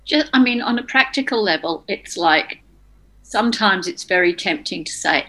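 A woman's voice: medium pitch, expressive, normal speed, bright, forceful tone. A woman in a casual group discussion, speaking frankly and practically. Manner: practical, frank, telling an example. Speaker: group participant.

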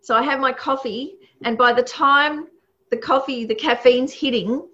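A woman's voice: high-pitched, normal speed, fairly bright tone. A woman teaching a class in a chatty, casual way, laughing often and using many fillers. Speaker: Buddhist teacher. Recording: muffled lo-fi recording.

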